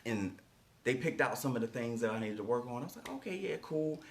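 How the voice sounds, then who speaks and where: Speaking at a quick clip in a mid-range voice, a man delivers a motivational coaching talk. It's emphatic and repetitive, and he keeps asking rhetorical questions like "right?" to check in.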